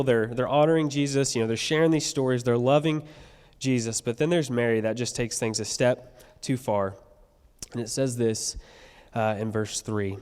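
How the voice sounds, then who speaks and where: A male pastor telling a story in a casual, animated sermon in a church. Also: mid-range voice. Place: church sanctuary. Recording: long church reverb.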